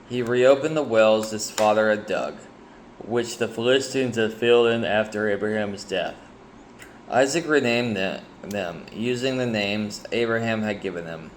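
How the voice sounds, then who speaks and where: A man with a fairly low voice reads a Bible chapter aloud in a relaxed, informal way and stops to share his own thoughts on it. He sounds sleepy and halting, often restarting phrases and filling pauses with ums. A faint hiss sits under his voice. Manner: hesitant, with frequent ums and restarts. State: sleepy, yawning. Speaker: Bible reader sharing reflections. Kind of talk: casual Bible reading with personal reflection.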